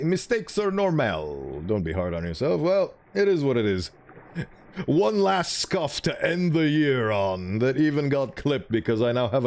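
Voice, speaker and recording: A man's voice: mid-range voice, darkish tone. A man streaming a game, chatting casually and playfully and laughing often. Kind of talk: casual game commentary with voiced dialogue.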